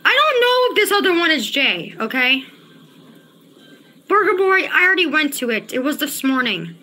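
High animated agitated woman streamer. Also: moderate pace. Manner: agitated, profane, repeats herself. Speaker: livestreamer. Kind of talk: casual livestream chat, reading chat.

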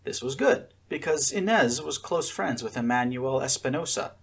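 A man narrating a fiction chapter with expressive storytelling. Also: mid-range voice, normal speed, creaky, slightly rough. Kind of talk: audiobook fiction reading.

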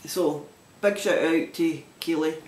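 A man from Scotland with a broad Glaswegian accent takes it slowly as he hosts his knitting podcast, his fairly high voice carrying a darkish tone. Chatty and rambling, he keeps restarting sentences in this casual vlog, recorded with a roomy echo.

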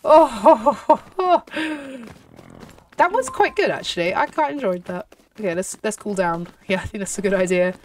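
A woman hosting a gaming channel, giving excitable let's-play commentary full of gasps and exclamations. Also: medium pitch, unhurried, far from the mic, a little hiss or hum. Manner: excitable, gushing, lots of exclamations.

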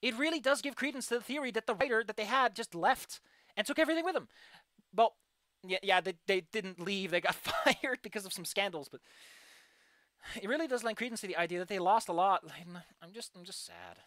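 Fast-talking ranting woman streamer. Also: mid-range voice, no echo, studio quality. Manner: ranting, frustrated game critique; animated, excitable outbursts. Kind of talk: casual livestream commentary.

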